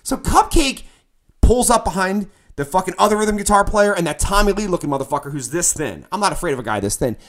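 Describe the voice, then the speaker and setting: A middle-aged man, a musician, telling a band story in casual podcast talk, animated and profane, acting out his own shouting. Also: high voice, fast talker.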